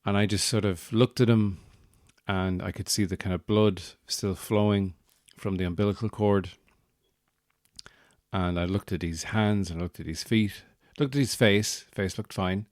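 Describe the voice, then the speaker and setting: Irish male podcast host, low voice, dry close sound, digressive comic storyteller. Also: steady tone, measured pace, darkish tone, dry recording. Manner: rambling, digressive, wry.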